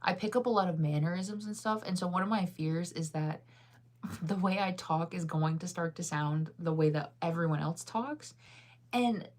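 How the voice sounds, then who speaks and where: A woman in her thirties with a faint Midwestern American accent, chatting casually with viewers in a rambling way, full of fillers and laughter. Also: lowish voice. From United States. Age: 30s. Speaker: streamer answering viewer chat. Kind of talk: casual chat.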